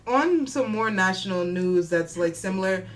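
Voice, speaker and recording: A woman co-hosting a podcast, chatting casually about politics, animated, swearing and laughing often. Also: medium pitch, normal speed. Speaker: podcast co-host.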